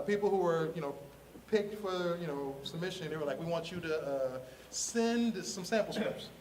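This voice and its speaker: A man from Ohio tells his story with a high, bright voice, laughing often and slipping into the voices of the people he talks about. His talk is slangy and animated. He sits a little away from the mic, and a faint hum of the room carries under him. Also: distant mic. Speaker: comic artist telling his story.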